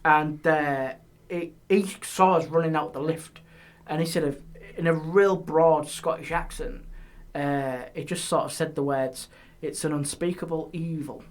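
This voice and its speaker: A man's voice: a little high, measured pace, hardly any pauses. Man telling ghost stories. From England. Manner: animated ghost-story telling, hushed on eerie details. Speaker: guest, paranormal historian. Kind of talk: casual storytelling. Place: podcast studio.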